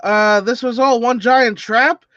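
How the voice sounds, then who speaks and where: A man's voice: very high-pitched, steady tone, slow pace, pushed and bright, no echo, muffled recording. A man co-hosting a casual live stream, chatting as he reads a comic aloud and throws in joking asides. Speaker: co-host.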